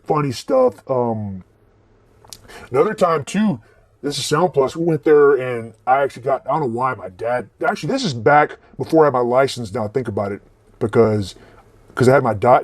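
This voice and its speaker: A man's voice: mid-range voice, a little mellow, no echo. Profane, rambling man telling stories. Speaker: vlogger and record collector. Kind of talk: casual storytelling.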